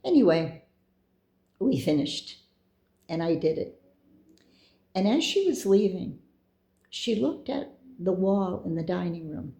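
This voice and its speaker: Gravelly, mellow-voiced woman telling a story. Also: fairly low pitch, sing-song, slow, pauses often, echoey room. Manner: chatty, meandering, with asides and quoted dialogue. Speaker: storyteller recounting her own experiences. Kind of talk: casual personal storytelling.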